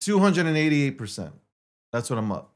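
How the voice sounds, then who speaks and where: This livestream host launches into a ranting monologue that's intense, profane and repetitive. He speaks at medium pitch and normal speed, sounding very animated.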